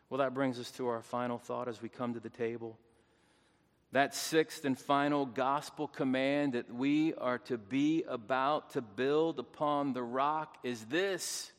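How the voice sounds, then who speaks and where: A man preaching a sermon as pastor, swinging between hushed, tender lines and loud, fervent calls. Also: mid-range voice, unhurried. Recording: long hall reverb.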